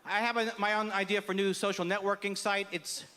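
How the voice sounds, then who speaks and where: A man doing a live stand-up bit, pitching an idea in a halting, deadpan way. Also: in a large hall, some chatter behind. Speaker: stand-up comedian.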